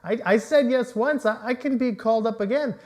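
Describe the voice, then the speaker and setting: A man's voice: fairly high pitch, very animated, normal speed, dark tone. A pastor voicing an eager male disciple who stammers as he insists on his loyalty. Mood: eager insistent.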